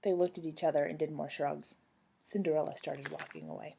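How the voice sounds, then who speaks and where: A young woman reading a children's book aloud at home on her couch, telling the story to a former student with lively expression. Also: sits low, a little fast, gravelly, slightly rough.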